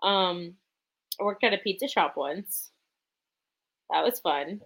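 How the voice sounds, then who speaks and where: A woman's voice: lowish voice, slow, fairly bright tone, breathy edge, rough recording. Easygoing woman chatting on a podcast. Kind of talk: casual chat.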